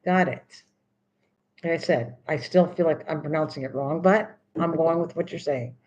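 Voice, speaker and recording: A woman's voice: low-pitched, moderate pace, a little mellow, low-quality recording. An older woman hosting a craft video, chatting casually and teasingly, repeating words over and over while she works.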